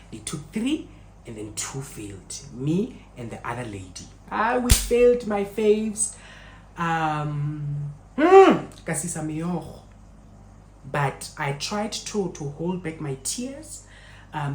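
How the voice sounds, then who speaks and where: A South African woman vlogger telling a story while she cooks in her home kitchen. She is an expressive storyteller who mixes in local phrases and talks directly to her viewers. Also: very deep voice, reverberant, a little hiss or hum, poor audio.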